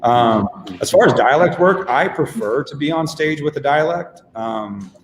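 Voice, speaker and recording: A man's voice: on the high side, expressive, a little slow, a little hiss or hum. A man, a stage actor, talking casually about his craft, with many ums and restarts. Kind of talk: casual chat. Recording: echoey room with long reverb.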